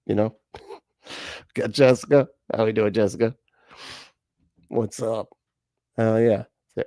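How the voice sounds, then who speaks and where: A man's voice: fairly low pitch, fairly even intonation, slow pace, long pauses, dark tone, dry recording. A man hosting a live reaction stream, rambling and joking at himself and laughing often. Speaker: reaction channel host. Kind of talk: casual live-stream chat.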